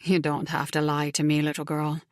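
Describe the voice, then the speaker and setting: A woman's voice: monotone, normal speed, dry recording, studio quality, natural voice. Woman voicing mocking menacing biker. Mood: wry. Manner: low, mocking, half-whispered threats. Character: menacing older biker man, dry and mocking.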